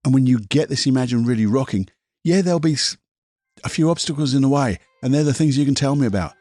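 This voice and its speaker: A man's voice: mid-range voice, expressive, fast talker, dark tone, dry recording. A man hosting a podcast as a hypnotherapist, talking in a passionate, casual motivational monologue, swearing now and then and repeating himself.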